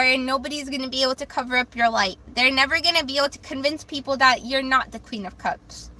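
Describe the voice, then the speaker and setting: A woman's voice: high-pitched, pushed and bright. A young woman reading tarot on a livestream, chatting casually through comments and stumbling over words. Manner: rambling, self-deprecating, stumbles over words.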